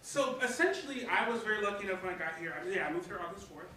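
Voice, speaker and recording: A man's voice: sits high, animated, rapid-fire, a crowd in the background. A young man from Michigan, a composer, talking in a rambling, casual way full of fillers. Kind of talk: casual chat. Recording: echoey distant noisy room mic.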